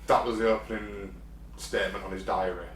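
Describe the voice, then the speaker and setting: A man's voice: fairly low pitch, little pitch movement, brisk, fairly bright tone. A man co-hosting a casual podcast, telling a story with lots of ums and restarts. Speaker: podcast co-host. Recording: roomy, distant mic, faint hum.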